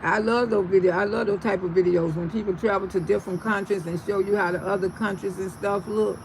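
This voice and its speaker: A woman's voice: medium pitch, a little fast, a little hiss or hum, poor audio. A woman hosting a casual livestream outdoors, reading viewer comments aloud and calling people sugar and baby, laughing often. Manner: warm endearments, laughs often, animated. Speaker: livestream host. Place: outdoors under a tree.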